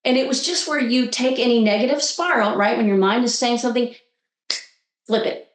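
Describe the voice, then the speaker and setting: A woman coach sharing a story in an animated, conversational way, acting out the voices she quotes. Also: on the high side, a little fast, echoey room. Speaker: guest coach.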